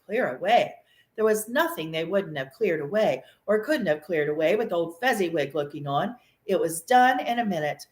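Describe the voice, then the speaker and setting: A woman's voice: on the low side, normal speed. Woman reading a classic tale aloud, echoey room. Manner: expressive, animated storytelling. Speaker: reader. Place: room in an old mansion.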